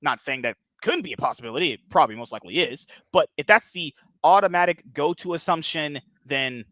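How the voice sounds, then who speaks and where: A man's voice: on the high side, expressive, brisk, fairly bright tone, no room sound, muffled recording. A man hosting a podcast in casual chat, rambling and provocative, often breaking into laughter. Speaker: podcast host.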